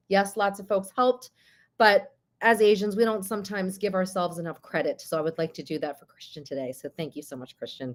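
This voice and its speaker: A woman, the board chair, giving warm, emotional closing remarks over a video call at a virtual conference. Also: mid-range voice. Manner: emotional, effusive, chatty.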